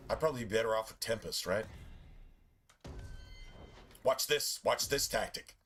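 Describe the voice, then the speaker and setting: A man chatting casually while streaming a game, telling profane, animated stories about his pets. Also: on the low side, moderate pace, long pauses, soft background music. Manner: animated, profane storytelling with playful put-on pet voices.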